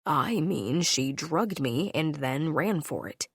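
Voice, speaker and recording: A woman voicing a gruff, brooding male wolf-shifter alpha in an audiobook, speaking curtly in a low, grim tone. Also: lively intonation, slow pace, no echo, studio quality, full character voice.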